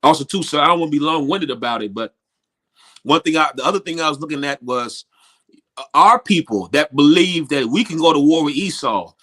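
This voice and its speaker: Emphatic man, somewhat high voice. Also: lively intonation, brisk, sharp tone. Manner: emphatic, preaching to listeners. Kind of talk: casual show commentary.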